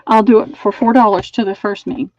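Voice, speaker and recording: A woman's voice: medium pitch, fairly even intonation, brisk, lo-fi sound. A woman hosting a live online sale, chatting as she measures and describes items. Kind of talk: live-streamed sale pitch.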